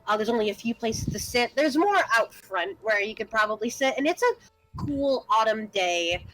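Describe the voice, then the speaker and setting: A young woman running a tabletop role-playing game as game master, setting scenes in a relaxed, explanatory way. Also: on the high side, moderate pace, soft background music, poor audio.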